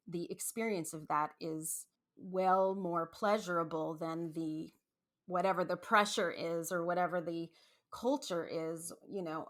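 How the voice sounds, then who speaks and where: A woman hosting a podcast, talking casually in a rambling, animated way with many asides and restarts. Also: lowish voice. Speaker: podcast host. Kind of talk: casual solo podcast monologue.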